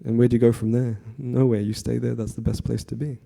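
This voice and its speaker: A man with a very dark, mellow voice gives a relaxed devotional class in a temple. He talks conversationally and keeps turning to the audience with questions. His pitch is average for a man. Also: fast, creaky. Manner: frequent fillers and restarts, relaxed.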